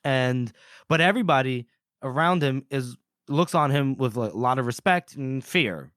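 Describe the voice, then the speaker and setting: A man's voice: medium pitch, normal speed, no room sound. Dry-sounding man, chatty podcast host. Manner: laughing, acts out quotes with animated voices. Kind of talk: casual book discussion.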